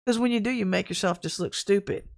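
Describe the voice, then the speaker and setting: A woman preaching an informal online sermon, talking frankly and conversationally and telling lively stories from her own life. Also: mid-range voice, quick pace, creaky. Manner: candid, conversational, animated storytelling. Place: at home, in front of a camera.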